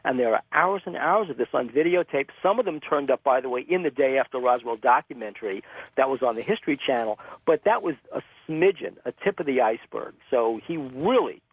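A male interview guest, a magazine publisher, telling stories in an animated, vivid way over a phone-line call. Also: medium pitch, brisk, slightly rough, no room sound. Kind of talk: storytelling interview answers.

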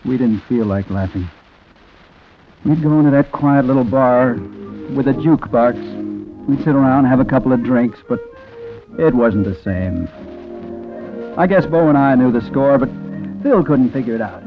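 An actor narrating a 1940s radio drama as a reflective man, quiet and rueful. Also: medium pitch, expressive, moderate pace, pauses often, natural voice. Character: reflective man telling a sad story. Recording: tinny old radio recording with music.

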